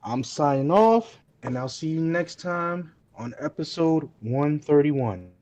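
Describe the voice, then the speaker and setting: Slow drawling podcast co-host. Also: male voice, fairly high pitch, animated, a little mellow. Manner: slow drawling sign-off with catchphrases. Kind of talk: casual chat.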